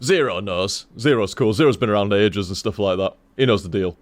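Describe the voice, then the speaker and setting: A man's voice: lowish voice, fairly quick, no room sound. A man streaming a game, rambling casually to his chat, with lots of swearing. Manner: rambling, heavy swearing, animated.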